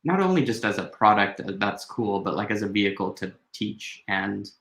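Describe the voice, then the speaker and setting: A man with a lowish voice talks as a guest in a casual online chat, easygoing and full of fillers. His room echoes around him. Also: animated, moderate pace, a bit bright.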